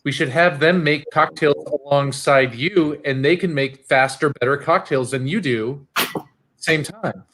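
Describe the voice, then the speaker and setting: A man's voice: fairly high pitch, unhurried, background noise. A man chatting as a guest on a casual drinks show, playfully teasing the host. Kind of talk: casual chat.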